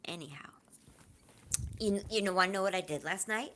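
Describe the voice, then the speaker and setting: A woman's voice: mid-range voice, moderate pace, a little hiss or hum. A woman hosting a casual livestream, talking earnestly and personally to her viewers, then chatting and laughing with the chat. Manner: heartfelt, confiding, warm toward viewers; lively, laughing, joking with chat. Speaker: livestream host.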